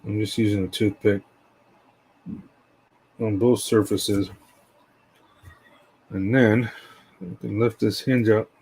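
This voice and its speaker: Husky man talking through a model build. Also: fairly low pitch, slow, pauses often, poor audio. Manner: relaxed, rambling, tells stories while working. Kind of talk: casual build commentary.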